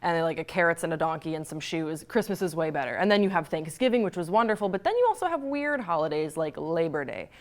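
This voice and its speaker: Young woman, American accent, rapid self-mocking storyteller on a student talk show. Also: low voice, lively intonation. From Belgium. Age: young adult. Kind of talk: comic personal story to camera.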